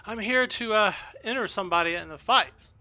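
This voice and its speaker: A man's voice: high voice, brisk, pushed and bright, voice pushed up, full character voice, poor audio. A man voicing a blunt female sailor who answers in a curt, dismissive way in a tabletop game.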